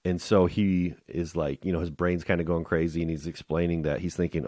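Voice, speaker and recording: A man's voice: sits low, steady tone, a little fast, hardly any pauses, a little mellow, dry recording, clean studio sound. A man hosting a leadership podcast, retelling and reading from a book in an earnest, enthusiastic way. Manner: earnest and enthusiastic, with some restarts. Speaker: podcast host.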